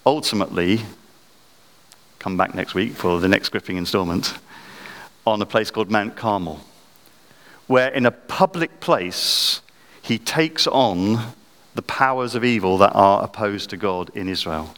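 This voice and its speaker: A man preaching a sermon, dramatic, his voice climbing high when he acts out quoted prayers. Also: unhurried, long pauses, a bit bright. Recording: long hall reverb.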